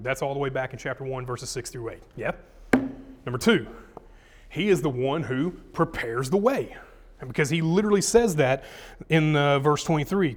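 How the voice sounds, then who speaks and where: A man's voice: on the high side, expressive, moderate pace. A man, a pastor teaching a sermon, casual and chatty with his congregation, reading scripture with rising emphasis.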